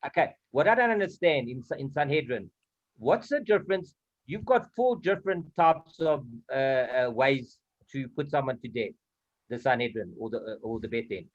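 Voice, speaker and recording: A man in a casual study group asks a question, eagerly circling around it. His pitch swings widely as he talks. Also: animated, normal speed, highs cut off.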